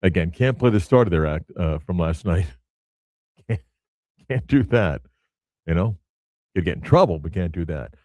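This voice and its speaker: A man hosting a sports talk radio show from a studio, telling stories in an animated way and laughing often. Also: sits low, normal speed, long pauses, no echo.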